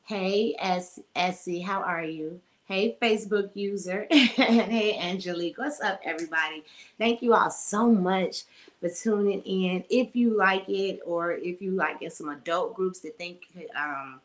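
A woman's voice: mid-range voice, a little slow. A woman in her forties hosting a casual live-streamed podcast, chatting freely, greeting viewers by name and laughing often. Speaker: podcast host.

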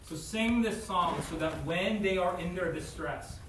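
A man with a high voice gives a casual Bible teaching, full of "like" and "right?" asides. He sounds distant from the mic in a very reverberant room, with faint noise underneath. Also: measured pace. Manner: conversational, many "like" and "right?" asides; acts out voices in quotes.

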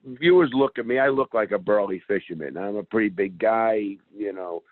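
Middle-aged man, blunt streetwise storyteller, lowish voice, tinny phone-line sound. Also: moderate pace, no echo. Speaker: interview guest. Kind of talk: storytelling in interview. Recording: phone-like call audio.

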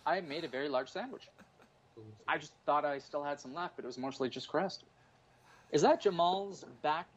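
A man in his forties rambles through profane, jokey stories in casual podcast chat. His voice sits a little high for a man. The recording is dull and lo-fi, like call audio. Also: normal speed. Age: 40s. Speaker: stand-up comedian and guest.

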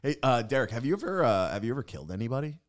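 A man co-hosts a relaxed podcast, his voice swinging widely up and down as he talks. He laughs easily and asks the guest questions. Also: mid-range voice, racing. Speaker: podcast co-host. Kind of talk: casual podcast chat.

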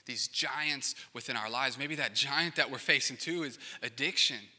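A man's voice: mid-range voice, moderate pace, sharp tone. A man preaching a sermon as pastor in a casual, conversational way, with joking asides. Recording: long reverb of a large hall.

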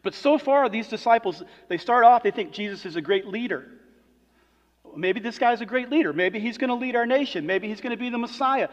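A man delivering a sermon as pastor, moving between quiet reflective passages and loud, emphatic preaching. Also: very high-pitched, fairly quick. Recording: dull sound with long hall reverb.

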